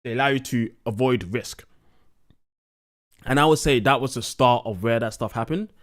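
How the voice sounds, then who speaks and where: A man's voice: mid-range voice, moderate pace. Tipsy man ranting on a live stream. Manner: blunt, profane, ranting. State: drunk, slurring words.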